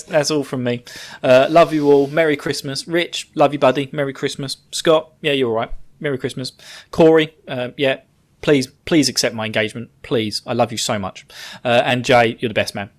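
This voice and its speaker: A man's voice: medium pitch, steady tone, normal speed. A man recording a chatty, joking holiday message as a podcast guest.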